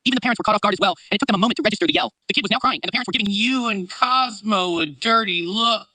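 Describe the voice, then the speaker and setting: A man narrating a fan story in a quick, lively read-aloud manner. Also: high voice, no room sound, low-quality recording.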